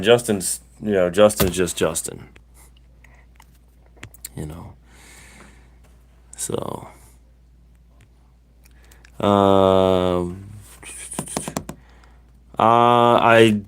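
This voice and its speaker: A middle-aged man talks casually on his livestream. His voice sits a little low. He rambles, circling back with plenty of "uh" and "you know.". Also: slow pace, pauses often. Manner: rambling storyteller, many fillers and restarts. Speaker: livestream host.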